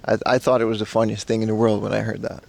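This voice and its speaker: Gravelly-voiced man live-streaming outdoors. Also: fairly low pitch, monotone, quick pace. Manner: rambling, slangy, reads chat aloud. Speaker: IRL streamer. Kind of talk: casual live-stream chat. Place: outdoors in a park in Japan.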